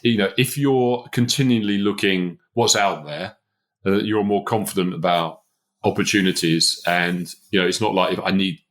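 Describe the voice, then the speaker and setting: A man's voice: sits low, moderate pace. A man hosting a podcast, giving career advice in a casual, emphatic way and chuckling often. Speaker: podcast host, business consultant.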